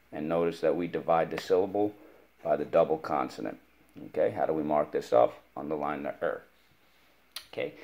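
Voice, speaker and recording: A man's voice: a bass voice, a little mellow. A man teaching a spelling lesson to a child, patiently spelling words out letter by letter and giving encouragement.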